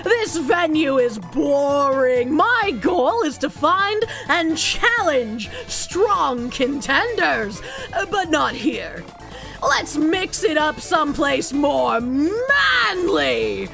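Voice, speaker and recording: A woman voicing a loud, boastful male wrestler who brags and bellows as he makes his entrance in a game. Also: sits high, sing-song, very slow, gravelly, faint music behind, full character voice. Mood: boastful shouting. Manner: bellowing, bragging.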